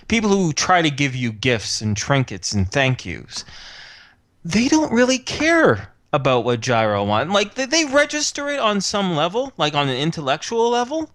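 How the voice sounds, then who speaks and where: A man's voice: a little high, fairly bright tone, dry recording. Casual, chuckling male game master. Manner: casual, chuckling often, many fillers. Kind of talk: narrating a tabletop game.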